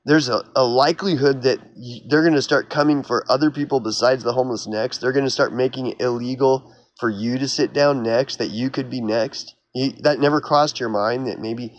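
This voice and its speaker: A man from Oklahoma rants straight to his viewers in a vlog, his tone sarcastic and mocking. He sounds heated and exasperated, and his speaking voice sits at a middling pitch. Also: fairly even intonation, normal speed, dull audio, a little hiss or hum. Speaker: YouTuber. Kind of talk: ranting vlog monologue.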